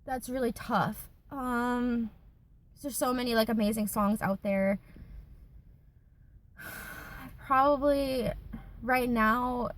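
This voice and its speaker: A woman's voice: on the high side, fairly even intonation, slow pace, long pauses. A woman in her twenties, chatting casually in a Q&A vlog from her car, with lots of fillers and giggles. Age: 20s. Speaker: YouTuber.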